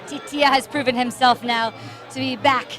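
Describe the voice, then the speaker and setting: A woman giving live, chatty commentary outdoors at a street celebration, excited and out of breath as she walks along with the camera. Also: high voice, normal speed, over music. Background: crowd and drums.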